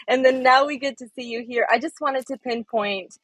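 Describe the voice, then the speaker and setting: A woman caller on a video call, gushing excitedly in casual chat. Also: high voice, normal speed, no echo.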